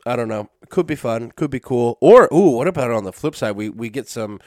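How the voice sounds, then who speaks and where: A man's voice: medium pitch, brisk, dark tone, dry recording. Rambling, swearing male podcast host, dry sound. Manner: rambling, self-correcting, with frequent fillers and swearing. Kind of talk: casual solo podcast talk. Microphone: dusty podcast microphones.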